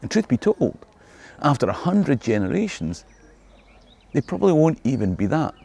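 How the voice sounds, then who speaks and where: A man's voice: medium pitch, big pitch swings, normal speed, vocal fry, warm tone. A middle-aged Scottish man, a history tour guide, delivering a scripted video monologue in a wry, joking way. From Scotland.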